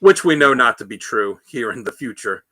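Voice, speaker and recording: A man hosting a casual podcast about comic books, telling the stories in a rambling, animated way with lots of fillers. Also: mid-range voice, moderate pace. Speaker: podcast host. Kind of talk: casual comic book discussion.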